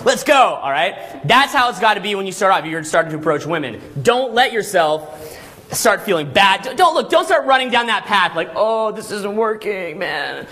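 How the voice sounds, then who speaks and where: A man coaching a live seminar in a hotel room, animated and laughing often as he acts out voices. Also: sits high, normal speed. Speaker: dating coach running seminars.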